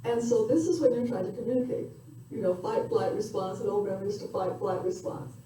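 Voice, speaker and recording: An older woman giving a parenting lecture in a reflective, conversational way, pausing with fillers. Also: medium pitch, mellow. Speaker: parenting educator. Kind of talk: recorded lecture. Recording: echoey room from far off with faint noise.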